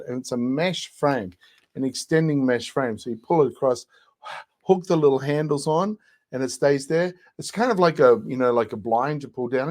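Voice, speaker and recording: A man's voice: mid-range voice, a little mellow, slight background noise, rough recording. Man demoing products step by step. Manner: walks through features step by step. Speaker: live shopping show host. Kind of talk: product demonstration.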